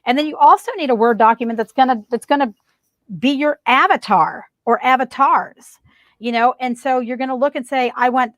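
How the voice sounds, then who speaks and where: Woman guest expert, slightly high voice, emphatic and repetitive, dry close recording. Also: normal speed, dry recording. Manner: emphatic, repeats key advice. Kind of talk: casual podcast advice.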